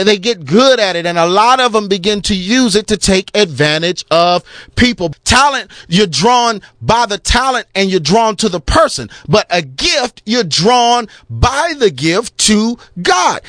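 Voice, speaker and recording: A man's voice: high-pitched, a bit bright, dry recording, studio quality. A man preaching in an emphatic, repetitive cadence, now and then mocking other preachers with put-on crooning voices. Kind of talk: sermon-style teaching talk.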